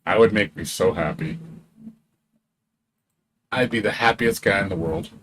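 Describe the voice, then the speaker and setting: Low-voiced guy streaming games, rambling and hyped, swears a lot, bit of hiss in the background. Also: measured pace. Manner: rambling, excitable, swears freely, laughs often. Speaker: game streamer. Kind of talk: casual live-stream chat.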